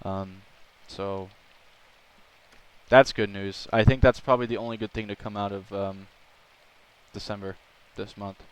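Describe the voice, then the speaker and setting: A young man chatting on a live stream, telling an animated, rambling story. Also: fairly low pitch, a little slow, pauses often, clear, resonant tone, low-quality recording. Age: young adult. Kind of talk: casual live-stream chat.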